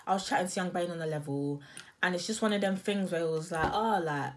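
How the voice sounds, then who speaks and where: A young woman, chatting casually and telling a story in a loud, slangy way that breaks into laughter. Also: fairly low pitch, quick pace. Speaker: vlogger. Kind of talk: casual chat.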